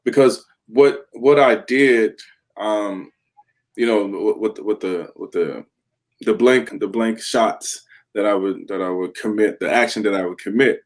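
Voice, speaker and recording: A man's voice: lowish voice, a little slow. A man in his thirties, an interview guest and former pro football player, telling his story candidly and acting out the voices in it. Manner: animated storyteller who acts out quoted voices and laughs.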